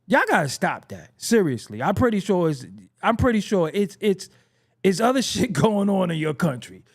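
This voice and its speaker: A young man from the United States rants to his audience in a loose, profane ramble full of restarts and chuckles. His voice sits a touch high and swings widely in pitch as he gets worked up. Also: sing-song, moderate pace. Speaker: hip-hop commentary host. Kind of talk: casual rant to camera.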